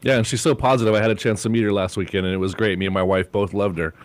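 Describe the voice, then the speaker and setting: A man's voice: fairly low pitch, steady tone, racing, no room sound. A man hosting a radio talk show, asking questions and summing up what his guest says in his own words. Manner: encouraging, sums up the guest's points.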